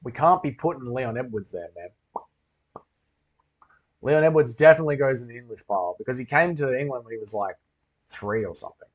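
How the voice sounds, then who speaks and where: A man's voice: medium pitch, expressive, fairly quick, pauses often. Swearing man, lo-fi stream. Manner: loose, rambling, swears a lot. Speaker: livestream host. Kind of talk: casual livestream chat reading comments. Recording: dull lo-fi stream audio.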